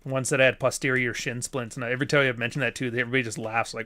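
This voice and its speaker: Hosting a live stream, a man chats casually with a guest, swearing freely, joking and tossing in quick asides. His mid-range voice is bright and forceful, though the delivery stays flat.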